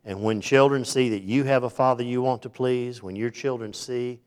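A man's voice: mid-range voice, fairly even intonation, moderate pace, smooth. Folksy middle-aged man telling sermon stories. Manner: folksy, rambling, conversational; acts out the people in his stories. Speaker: speaker giving a faith talk. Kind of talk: informal sermon with storytelling.

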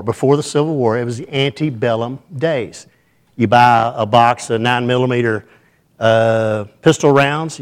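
An older man preaching a sermon, folksy and joking, with quick asides to the congregation. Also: medium pitch.

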